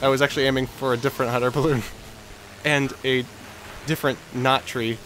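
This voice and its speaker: A man with a Texan accent giving let's play commentary, excitable and yelping at crashes, rambling in self-deprecating asides. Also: mid-range voice, a little fast, slight background noise, rough recording. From Texas. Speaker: gaming video host.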